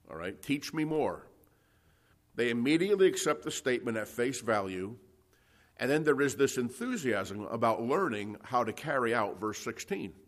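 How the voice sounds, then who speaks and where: A man preaching an expository Bible teaching, emphatic and repetitive, often clearing his throat and checking in with "okay?" and "you see". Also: mid-range voice. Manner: emphatic, repetitive, stammers on restarts.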